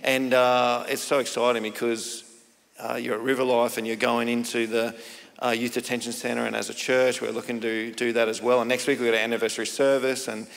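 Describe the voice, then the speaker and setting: Pastor guy, gravelly voice, thanking a guest in an echoey church. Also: medium pitch, level tone, brisk, a bit bright. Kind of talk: interviewer wrapping up a church segment. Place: church hall. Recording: long hall reverb in church.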